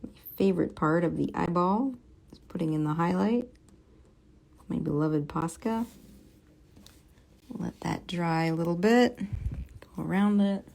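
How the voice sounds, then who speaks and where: A young woman streaming as she draws comics, chatting casually, reading viewer comments aloud and muttering softly to herself as she works. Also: on the low side, unhurried, gravelly, long pauses. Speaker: comic book artist streaming a drawing session. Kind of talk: casual livestream chat while drawing.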